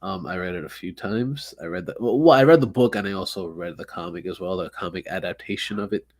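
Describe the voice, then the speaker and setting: Excitable profane podcast host, rambling. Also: male voice, sits low, fast. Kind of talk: casual chat.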